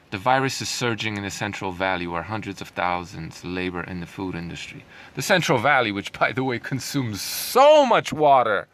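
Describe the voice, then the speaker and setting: A man's voice: lowish voice, sing-song, normal speed, a bit bright, slight background noise. A man ranting in a sarcastic, heated way, reading out news lines and mocking them with scornful laughs. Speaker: commentary vlogger.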